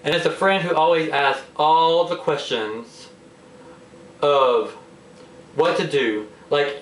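A man vlogging in a casual, animated rant about annoying friends. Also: on the high side, slow, pauses often, far from the mic. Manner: exasperated, animated complaining. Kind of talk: casual ranting monologue. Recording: roomy echo, a bit off-mic.

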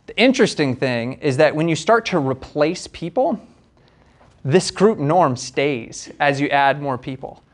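A man's voice: on the high side, expressive, a little slow. A young man giving a casual university lecture in a conversational, hedging way, checking in with frequent tag questions.

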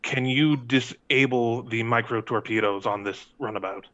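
A man taking part in a tabletop role-playing game, speaking in a formal, measured way. His voice sits mid-range and sounds dull and lo-fi. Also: medium pitch, a bit bright. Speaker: player. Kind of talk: in-character tabletop play. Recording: lo-fi mic.

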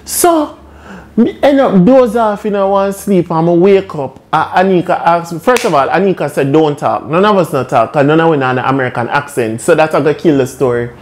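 A young man with a Jamaican accent telling a comic storytime, animated and laughing as he goes. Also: a little high, fairly quick. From Caribbean. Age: young adult. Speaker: vlogger.

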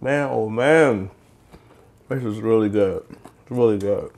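A man's voice: on the low side, takes it slowly, darkish tone. Chatty man hosting a cooking vlog. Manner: chatty, enthusiastic, talks straight to viewers. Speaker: cooking channel host. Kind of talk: casual cooking vlog, taste test. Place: home kitchen. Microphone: handheld microphone.

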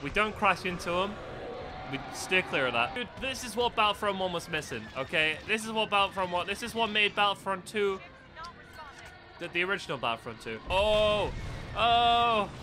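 Excitable high-voiced young man swearing at a game. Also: normal speed. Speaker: gaming video host. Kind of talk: casual gameplay commentary.

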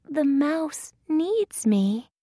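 A tiny, hopeful young girl, voiced by a woman reading aloud, speaks high and sweet. Every word comes out very slowly and carefully, as in a children's storybook. The sound is dry and close. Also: very animated, warm tone, no room sound, full character voice. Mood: wistful, joyful. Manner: slow, clear storybook delivery.

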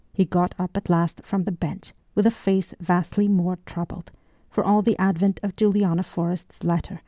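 A woman narrating a novel in a measured, even way. Her voice is low and mellow, recorded close with no room echo at all. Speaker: audiobook narrator. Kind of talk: scripted narration.

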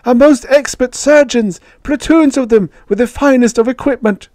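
Man voicing a sly alien diplomat, high, hissing, eager, dry close sound. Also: normal speed, darkish tone, no echo.

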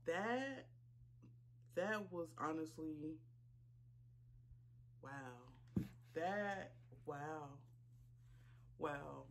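A woman reaction vlogger, talking casually while choked up and tearful, halting with many fillers and apologies. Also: low-pitched, a little hiss or hum. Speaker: YouTube reaction channel host. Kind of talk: casual reaction vlog talk.

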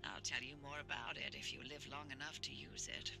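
An actor voicing a calm adult male guide in a video game, giving matter-of-fact instructions over music. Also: medium pitch, a little fast, vocal fry. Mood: instructive.

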